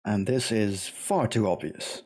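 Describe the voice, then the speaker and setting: A man's voice: lowish voice, measured pace, darkish tone. A man playing in a tabletop game, talking casually and joking. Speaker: player. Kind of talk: casual chat at a gaming table.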